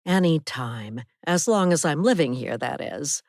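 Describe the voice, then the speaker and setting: A stern, disapproving neighbor woman, voiced by a woman narrator who scolds firmly. Her voice is pitched low and quiet under the narration, in a dry, close read. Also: animated, measured pace, dry recording.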